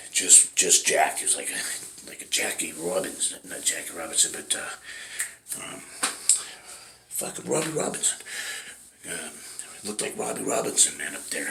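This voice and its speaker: A man's voice: extremely low pitch, vocal fry, pushed and bright, a little hiss or hum. A middle-aged man and bodybuilding competitor telling a rambling story, cursing constantly and checking in with "right?" as he talks. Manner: profane, rambling, keeps asking "right?". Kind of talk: casual storytelling. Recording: roomy echo.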